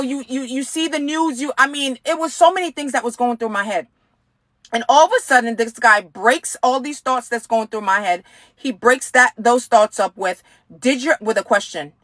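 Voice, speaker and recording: A woman's voice: a little high, fairly bright tone, dry recording. A woman telling a personal testimony in earnest, speaking straight to her viewers as a ministry speaker.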